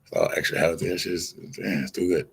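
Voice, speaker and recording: Low gravelly middle-aged man rambling. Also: brisk, a little hiss or hum. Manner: loose, profane, meandering, acts out quoted people. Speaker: vlogger. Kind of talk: casual rambling storytelling.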